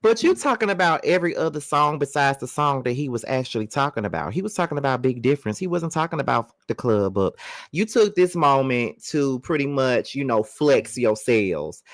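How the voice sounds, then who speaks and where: A man hosts a reaction commentary in a casual, chatty way. His mid-pitched voice swings widely as he voices disbelief and lets out the odd laugh. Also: sing-song, a little fast. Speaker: commentary channel host.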